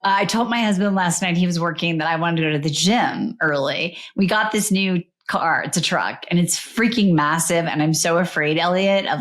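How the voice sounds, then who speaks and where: A woman's voice: lowish voice, normal speed, hardly any pauses. A woman hosting a podcast, chatting in an enthusiastic, rambling way. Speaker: podcast host. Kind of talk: casual interview chat.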